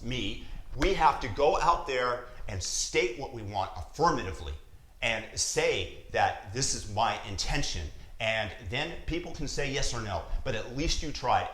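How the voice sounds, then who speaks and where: A man's voice: mid-range voice, fairly bright tone, a little hiss or hum. A father vlogging to camera with earnest, emphatic motivational talk, repeating his points. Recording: roomy echo.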